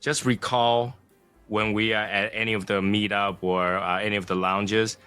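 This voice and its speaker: A man co-hosting a casual podcast chat, telling stories and acting out scenes with lively energy. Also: fairly low pitch, moderate pace, clear, resonant tone, no echo, soft background music. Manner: animated storytelling, acts out scenes. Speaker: podcast co-host.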